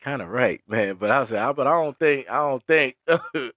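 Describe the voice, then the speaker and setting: A young man chats casually on a podcast, telling animated stories and laughing as he goes. His voice sits in the middle range and jumps up high when he acts out what other people said. The sound is dry and close. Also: normal speed, no echo, dull audio. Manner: animated storyteller, acts out high-pitched quotes, laughs often. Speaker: podcast co-host. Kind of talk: casual chat.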